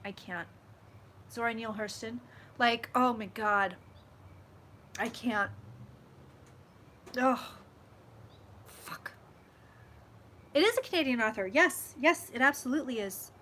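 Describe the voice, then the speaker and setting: A young woman who calls herself a psychic hosts a casual live vlog from home, gushing, chatting, and swearing freely as she reads viewer comments. She speaks slowly with long pauses, her fairly high voice pushed and bright.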